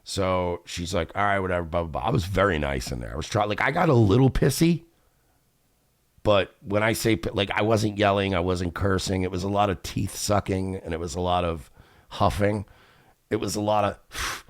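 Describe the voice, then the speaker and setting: Low-voiced exasperated man ranting. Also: normal speed, dry recording, studio quality. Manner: profane, exasperated, acts out both sides of conversations. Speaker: radio show host. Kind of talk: casual storytelling rant.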